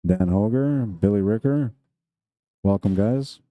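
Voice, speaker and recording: A man calls a pool tournament on a live stream, mixing shot analysis with easygoing jokes and frequent laughs. His voice sits low and very dark, with a mellow weight. The sound is close and dry. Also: unhurried, no echo. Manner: chatty, jokey, laughs often.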